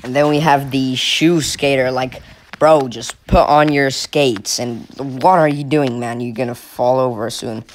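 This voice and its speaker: A man's voice: mid-range voice, fairly even intonation, normal speed, a little hiss or hum. A young man from Finland giving mocking, exasperated comic commentary over a video. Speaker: comedy video creator.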